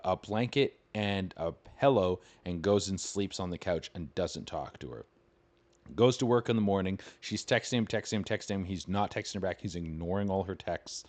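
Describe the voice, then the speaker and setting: Low-voiced man ranting through a story. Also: a little mellow. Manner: incredulous, profane, rambling. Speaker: comedian podcast host. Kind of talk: casual storytelling rant.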